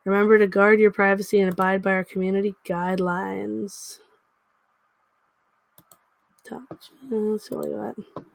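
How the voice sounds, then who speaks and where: A young woman chats on her livestream in a loose, rambling way, now and then cooing baby talk at her dog. Her voice sits at an ordinary middle pitch. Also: level tone, measured pace, vocal fry, long pauses, no room sound. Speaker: livestream host. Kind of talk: casual livestream chat.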